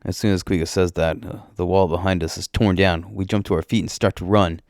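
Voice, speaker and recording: Guy narrating his own story, deep voice, dry close sound. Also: level tone, a little fast, gravelly, a little mellow, no echo. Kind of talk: first-person story narration.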